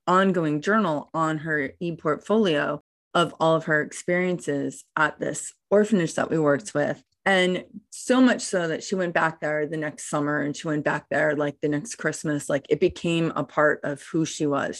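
A woman's voice: low-pitched, steady tone, moderate pace, dry recording. A female educator chatting casually, peppering her speech with "like.". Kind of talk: casual conversation.

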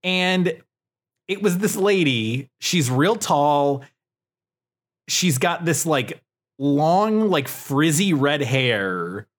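A man's voice: a little high, animated, extremely slow. A young man co-hosting a casual chat podcast, telling a story in a rambling way with many fillers and swears. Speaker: podcast co-host.

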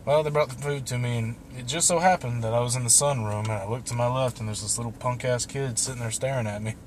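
A man's voice: mid-range voice, fairly even intonation, fast talker, slight background noise. A young man telling a long personal story in a loose, casual way, swearing and laughing now and then. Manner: loose and profane, laughing through the tale.

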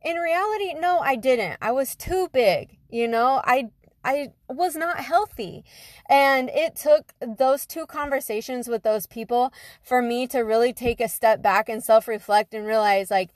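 Chatty woman telling her story, slightly high. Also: measured pace, dry recording, clean studio sound. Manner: conversational, many fillers and "you know". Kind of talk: personal storytelling.

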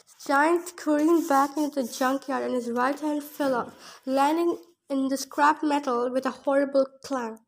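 A woman's voice: high voice, fairly even intonation, moderate pace, creaky. A woman reading a novel aloud for her podcast, stumbling over words and breaking off with emotional asides. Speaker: audiobook reader and podcast host.

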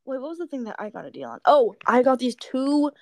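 Her voice sits high and her pace is quick as this young woman co-hosts a podcast, trading casual stories with lots of giggles despite sounding worn out late at night. The audio is studio quality with no echo.

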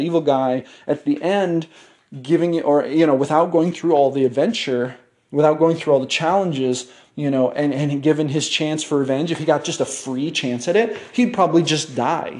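A man's voice: fairly high pitch, darkish tone. Blunt, profane male motivational podcaster. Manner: blunt, profane, many fillers and restarts. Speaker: podcast host. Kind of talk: motivational monologue.

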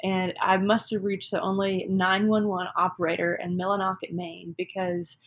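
Chatty woman with a gravelly edge. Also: mid-range voice, level tone, moderate pace, lo-fi sound. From Texas. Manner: self-deprecating, chatty, many fillers like "um" and "like". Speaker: guest telling a personal story. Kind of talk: casual conversational storytelling.

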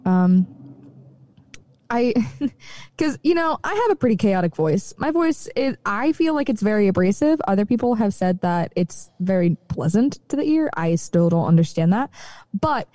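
Woman co-host, casual chatty, laughs a lot, mellow dry voice. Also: medium pitch, normal speed, no room sound. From rural area. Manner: chatty, laughs often, animated. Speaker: podcast co-host. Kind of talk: casual chat.

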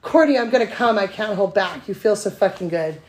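A woman voicing an aroused male lover in a story she reads aloud, breathy and urgent. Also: high-pitched, fairly quick, a little hiss or hum, lightly acted.

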